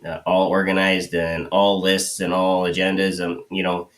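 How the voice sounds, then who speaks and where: A man's voice: low voice, completely flat delivery, moderate pace. A man co-hosting a live show, explaining things in a rambling way with many fillers. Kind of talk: casual explanation.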